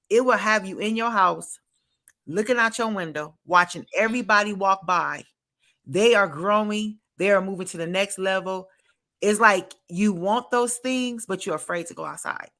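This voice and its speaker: Emphatic woman podcast host, bright voice. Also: medium pitch. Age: adult, a parent. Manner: emphatic, repeats phrases for effect. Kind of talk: faith-based podcast talk.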